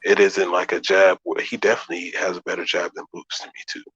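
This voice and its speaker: A man's voice: low-pitched, flat delivery, quick pace, fairly bright tone, slightly rough, dull audio. A man hosting a casual boxing debate, emphatic and swearing freely as he breaks fights down.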